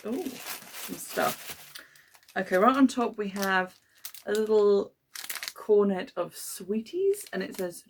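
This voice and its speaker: A woman's voice: lowish voice, slight background noise. A woman, casually chatting through an unboxing with lots of ums and frank opinions. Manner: chatty, hesitant with many ums, mildly critical. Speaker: podcast host unboxing a subscription box.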